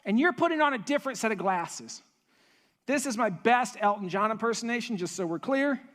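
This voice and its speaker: A man pastor preaching a sermon in a church, animated and repetitive for emphasis, with joking asides. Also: extremely high pitch, brisk. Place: church stage.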